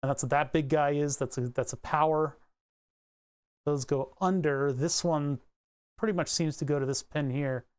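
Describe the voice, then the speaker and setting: A man giving a casual electronics tutorial, thinking aloud as he traces a circuit board, rambling and joking and grumbling wryly about his software. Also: a little high, fairly even intonation, moderate pace, smooth. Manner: rambling, joking, mutters while drawing. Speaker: electronics hobbyist explaining circuit tracing.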